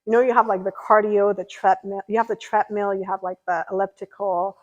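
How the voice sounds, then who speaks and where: A woman's voice: medium pitch, fairly even intonation, fairly quick, dull audio. Young woman streamer rambling on, casual chat, lots of likes and ums. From California. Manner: chatty and rambling, lots of fillers. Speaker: livestreamer. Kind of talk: casual chat reading viewer comments.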